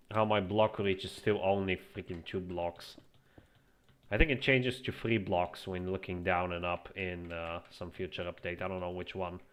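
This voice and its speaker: Man, low voice, casual gameplay commentary, relaxed, thinking aloud, desktop mic. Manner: relaxed, musing aloud with frequent restarts. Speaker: streamer.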